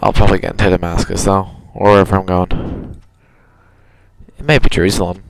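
A young male gamer rambles through casual let's-play commentary, chatting and correcting himself as he plays. His deep voice is creaky, a little fast, and shows little pitch movement. The low-quality recording carries slight background noise.

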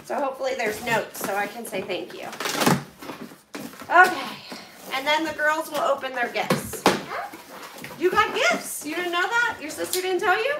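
This woman from Pennsylvania, US, has a high voice with lively intonation, a normal speed, and frequent pauses, and the clip is very noisy. She's a vlogger unboxing donated packages, chatting casually to viewers and thanking them with gushing, emotional gratitude. The mic is distant in an echoey room.

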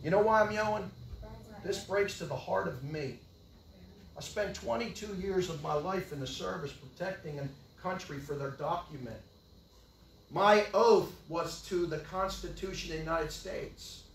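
Older guy preaching fired up, high voice, yells then mutters, echoey church from far off. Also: moderate pace, a little hiss or hum. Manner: impassioned, swings from yelling to low mutters. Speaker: pastor. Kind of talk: sermon. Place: church hall.

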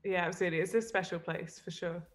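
A woman hosting and commenting on a golf match, calmly explaining and clarifying. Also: lowish voice, fast talker, faint music behind. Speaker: host and commentator.

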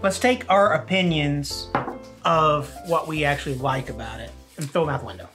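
A man's voice: fairly high pitch, moderate pace, music in the background. A man co-hosting a whiskey review, talking in a loose, joking way. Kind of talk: casual tasting chat.

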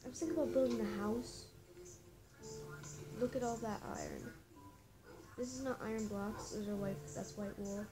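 A woman's voice: fairly high pitch, normal speed, pauses often. A woman giving casual, nervous commentary while playing a game, talking straight to her viewers. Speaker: gaming vlogger. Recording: music playing under the voice.

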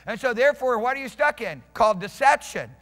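High, bright-voiced preaching pastor. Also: male voice, lively intonation, fairly quick. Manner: emphatic, repeats and restarts, questions the congregation. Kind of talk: sermon. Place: church sanctuary. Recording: reverberant church hall.

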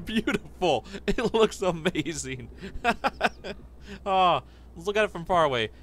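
A young man narrates his horror game playthrough in an excitable, jumpy way. His voice sits high and swings wildly in pitch as he chatters to viewers. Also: a little slow, a little hiss or hum. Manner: excitable, jumpy, laughs and yelps often. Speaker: gaming channel host. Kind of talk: let's play commentary.

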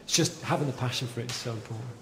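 A man's voice: medium pitch, racing, creaky, noisy background. A man giving a live talk at an event, enthusiastic and repeating words as he makes his points. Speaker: speaker at an event.

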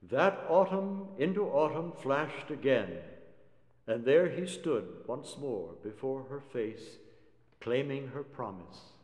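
A male narrator recites verse slowly and theatrically, at an ordinary male pitch. His voice carries a spacious hall reverb that lingers after each phrase. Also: expressive, darkish tone. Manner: measured, theatrical. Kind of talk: dramatic poetry recitation.

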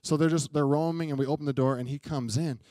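A man's voice: a little high, fairly even intonation, fast talker, mellow, no room sound. A young adult man preaching a sermon, telling a story in a chatty way and often asking the congregation questions. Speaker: pastor. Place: church sanctuary.

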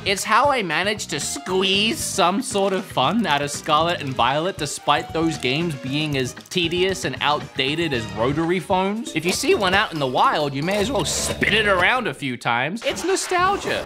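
A man's voice: a little high, very animated, a little slow, hardly any pauses, music in the background. A young adult man with an Australian accent, giving jokey, sarcastic video commentary as a gaming channel host.

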